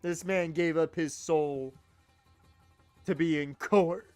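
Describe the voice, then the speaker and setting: A man's voice: a little high, fairly even intonation, takes it slowly, darkish tone, clear, resonant tone, no room sound, faint music behind. Joking, sarcastic male game streamer. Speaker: let's play streamer. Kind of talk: casual gameplay commentary.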